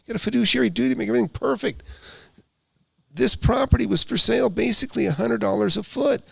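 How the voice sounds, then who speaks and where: A middle-aged man, a real estate investor hosting a live show, telling a story in an animated, rambling way with quick asides. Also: extremely high pitch, creaky, husky, no echo, clean studio sound.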